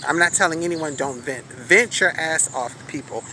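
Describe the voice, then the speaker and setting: An adult woman telling a story outdoors on a street corner in a casual vlog, animated, profane and outspoken as she vents. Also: deep voice, moderate pace. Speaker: vlogger. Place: outdoors on a city street corner by a bus stop. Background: light street traffic and passing buses.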